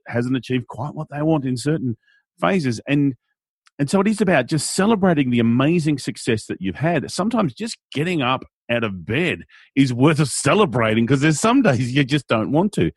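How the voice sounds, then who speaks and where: Australian male MC guest, husky mid voice, dry close sound, animated. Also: medium pitch, moderate pace, dry recording. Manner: animated, playful, acts out quotes in silly voices. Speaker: guest, event MC. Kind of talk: conversational interview.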